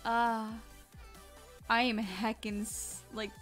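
A woman's voice: on the high side, level tone, slow pace, a bit bright, faint music behind. A tired woman streamer chatting casually on a desk mic, giggly and rambling. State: sleepy and tired. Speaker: live streamer. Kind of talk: casual live-stream chat.

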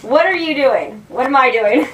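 A woman's voice: high-pitched, expressive, normal speed. A young woman chatting and giggling between takes of a homemade skit at a sleepover. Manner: giggly, keeps breaking into laughter. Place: bedroom at a sleepover. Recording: echoey room, distant camera mic, noisy.

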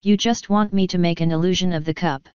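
A woman's voice: on the low side, steady tone, brisk, a little mellow, clear, resonant tone, no room sound, natural voice. A woman voicing an eager, studious young female unicorn who asks questions, in a storybook reading. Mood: curious. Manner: inquisitive. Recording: dull lo-fi dry recording.

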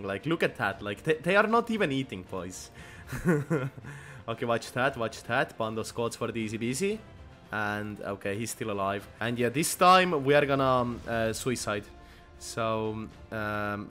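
Excitable young man with lively voice. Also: mid-range voice. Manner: swings from muttering to loud laughing outbursts, swears a lot. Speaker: gaming YouTuber. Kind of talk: excited gameplay commentary.

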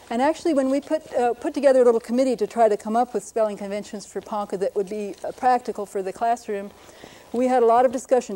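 A middle-aged woman linguist delivers a classroom-style lecture on writing systems, patient and lightly humorous. Her voice is on the high side with a dark tone.

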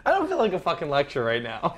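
High-voiced, animated man hosting a podcast. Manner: defensive, swearing, laughing while talking. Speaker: podcast host. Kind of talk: casual podcast banter, reading a news story.

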